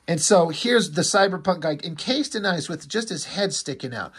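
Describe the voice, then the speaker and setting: Husky, laid-back comic book reviewer man. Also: a little high, animated, normal speed, few pauses. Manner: laid-back, rambling, paraphrases characters in a loose voice. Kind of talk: casual comic recap.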